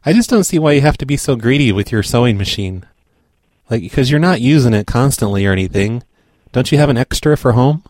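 A man making a prank phone call, pushy, rude and deadpan. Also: medium pitch, a little fast, no room sound, clean studio sound. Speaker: prank caller.

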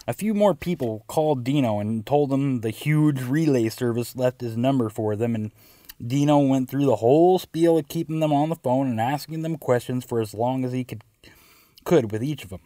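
A man's voice: mid-range voice, moderate pace, warm tone, no room sound. Man telling a story, dry close sound. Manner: wry, conversational recounting. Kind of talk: casual storytelling narration.

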